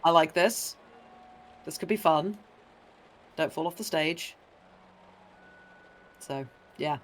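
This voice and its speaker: A man with a fairly high voice, chatting casually on a live stream over a remote call. He tells stories with energy, slipping into the voices of the people he quotes. A faint hiss sits under him. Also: takes it slowly. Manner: animated storyteller who acts out quoted people. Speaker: co-host and trumpet player.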